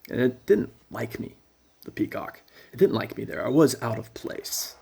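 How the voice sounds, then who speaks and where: A man telling a rambling personal story in a casual, animated way. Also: medium pitch, normal speed, creaky, husky. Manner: animated, casual, jumps between thoughts.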